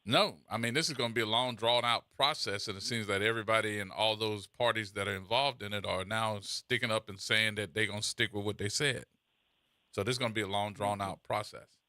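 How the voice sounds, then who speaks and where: Low, forceful radio host man. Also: steady tone, no room sound. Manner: brisk, friendly sign-offs. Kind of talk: call-in radio talk.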